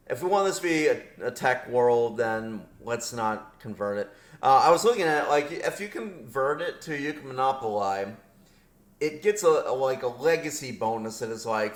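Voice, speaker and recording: A man casually commentating his strategy game with his headset on, rambling and correcting himself, laughing often. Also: medium pitch. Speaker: gameplay commentator. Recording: roomy echo.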